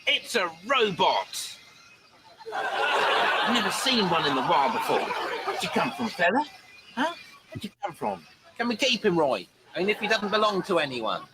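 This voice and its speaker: An actor playing an excitable man who gushes over a stray robot and coaxes it like a pet, heard in a played sitcom clip. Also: high-pitched, unhurried, pauses often. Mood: excited. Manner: gushing, coaxing as if to a pet. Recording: sitcom clip with background noise.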